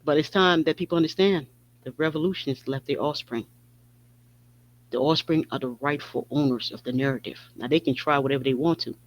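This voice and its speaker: A man's voice: mid-range voice, a little hiss or hum. A man hosting a podcast, delivering a heated, profane opinion monologue that circles back on its points again and again. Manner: heated, profane, repetitive ranting. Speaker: podcast host. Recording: dull lo-fi recording.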